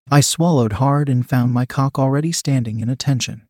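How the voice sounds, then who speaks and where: A man's voice: medium pitch, a little fast, hardly any pauses, mellow, dry recording, clean studio sound. Man reading a first-person adult story. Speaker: narrator.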